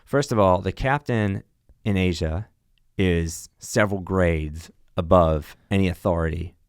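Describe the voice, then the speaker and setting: Casting: male airline pilot guest, low smooth voice, dry close sound, animated storyteller. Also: measured pace, no room sound. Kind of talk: casual podcast chat.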